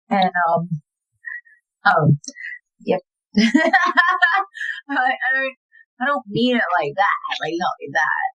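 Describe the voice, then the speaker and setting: A young woman with an Australian accent chats as a guest musician. She rambles, giggles and leans on "like" between thoughts. Her voice sits in an ordinary middle pitch. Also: big pitch swings, slow pace, sharp tone, rough recording. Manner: rambling, giggly, filler-heavy with lots of "like". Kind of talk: casual chat.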